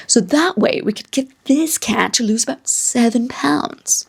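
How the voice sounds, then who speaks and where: Female solo podcaster with a high voice who tells casual stories and drifts into tangents. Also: measured pace, gravelly, hardly any pauses, husky. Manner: rambling, prone to tangents. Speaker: podcast host. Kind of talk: casual storytelling chat.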